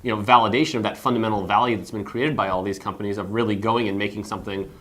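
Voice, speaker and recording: A man's voice: fairly low pitch, fairly even intonation, racing, a bit bright. A man chatting casually on a tech panel, talking in long, flowing sentences.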